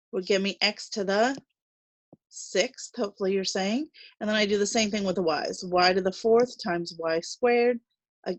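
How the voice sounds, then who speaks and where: A woman's voice: mid-range voice, no room sound, low-quality recording. A woman teaching a recorded math lesson, chatty and reassuring, thinking aloud as she works through problems.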